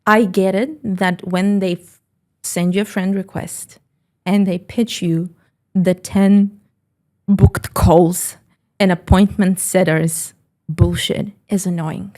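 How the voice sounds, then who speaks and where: A woman entrepreneur talking on a podcast, telling animated stories bluntly and swearing freely. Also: lowish voice, slow. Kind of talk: casual podcast chat.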